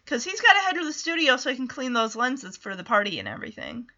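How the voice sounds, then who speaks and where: A woman hosting a podcast from home, recapping a story in a casual, animated way and acting out the lines. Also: high voice, fast, lo-fi sound. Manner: animated storyteller who acts out quotes. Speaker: podcast host.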